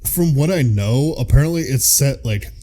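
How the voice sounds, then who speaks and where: A man hosting a podcast talks in an easy, casual way. His voice sits in a middle pitch, and he wanders through his points with many filler words. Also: normal speed. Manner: relaxed, rambling, many fillers. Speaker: podcast host.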